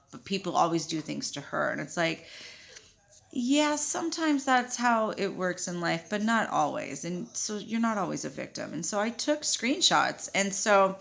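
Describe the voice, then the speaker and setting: A woman's voice: low voice, gravelly, bright, forceful tone. A young woman venting in a casual vlog monologue, blunt and swearing freely as she retells quoted exchanges. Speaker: vlogger.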